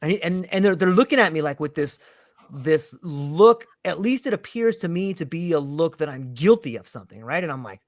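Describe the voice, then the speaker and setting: A man with a slightly high voice tells a personal story to a panel in casual chat. He is lively and acts out the voices of the people in it. The sound is close and dry. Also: a little fast, no echo. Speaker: panel guest telling a story.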